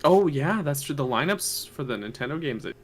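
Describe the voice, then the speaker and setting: A man's voice: fairly high pitch, animated, fairly quick, crowd noise. A man co-hosting a podcast in casual chat, often laughing between phrases. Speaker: podcast co-host.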